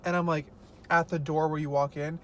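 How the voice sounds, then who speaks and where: A man's voice: on the high side, flat delivery, fairly quick, fairly bright tone, slight background noise. A young man vlogging casually as he eats, telling stories in a chatty way with lots of fillers. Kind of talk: casual mukbang chat.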